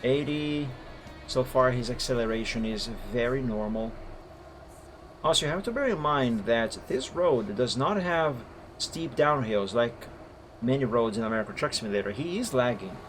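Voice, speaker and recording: A man's voice: mid-range voice, expressive, moderate pace, fairly bright tone. Man explaining gameplay footage step by step. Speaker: streamer and game server moderator. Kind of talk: live-stream commentary reviewing gameplay footage. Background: faint background music.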